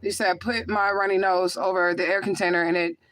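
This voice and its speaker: A woman's voice: lowish voice, little pitch movement, brisk, fairly bright tone. A woman hosting a casual livestream, reading viewer comments aloud and answering them in an emphatic, rhetorical way, often asking "okay?". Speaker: livestream host and spiritual medium.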